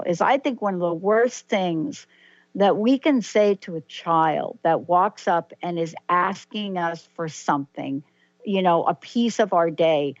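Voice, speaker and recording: A woman with a lowish voice hosts a casual radio talk show, thinking out loud in a hesitant way and frequently starting her sentences over. The sound is lo-fi with no echo.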